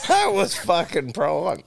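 A man's voice: on the high side, huge pitch swings, slow pace, creaky, slight background noise. An Australian man hosting a podcast, chatting casually with enthusiasm and swearing. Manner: enthusiastic, laughs often, swears. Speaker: podcast host. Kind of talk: casual chat.

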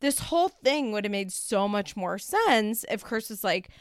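A woman's voice: medium pitch, animated, measured pace, no room sound, clean studio sound. A young woman casually recapping a reality show with lots of "like" and swearing, and she acts out the quotes. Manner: rambling and profane, heavy use of "like", acts out quotes.

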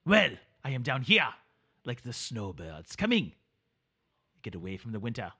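A man's voice: on the high side, expressive, brisk, sharp tone, slightly rough, exaggerated voice. A man voicing a gloomy, scornful French-Canadian nemesis in a comedic podcast bit, sneering and calling others fools.

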